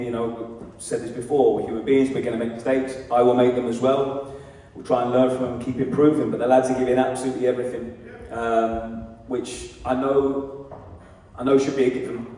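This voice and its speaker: Flat, mellow man answering on stage. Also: medium pitch. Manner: earnest, many fillers and restarts. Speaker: football head coach. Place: large hall at a live event. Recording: echoey hall, mic from far off.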